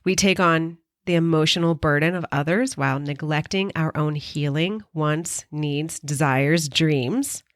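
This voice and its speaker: A middle-aged woman hosting her own podcast shares a personal story, earnest and openly emotional, with casual swearing mixed in. Her voice sits a little low, her pace is measured with hardly any pauses, and the recording is close and dry with no room echo.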